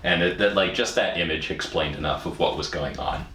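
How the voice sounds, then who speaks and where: A man with a very low voice chatting casually about a show, easygoing and joking, often restarting his sentences. He sounds like he's in an echoey room, with faint noise in the background. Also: a little fast. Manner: relaxed, joking, lots of fillers and restarts. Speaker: podcast co-host reviewing a show. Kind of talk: casual chat.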